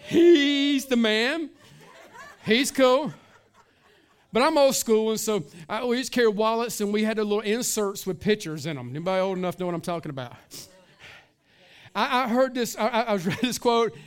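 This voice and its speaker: This sermon comes from a middle-aged pastor with a high-pitched, smooth voice and a fairly quick delivery. He talks in a laid-back, street-casual manner, leaning on words like "man" and "listen," and swings from near-whispers on serious points to louder passages where he draws out key words.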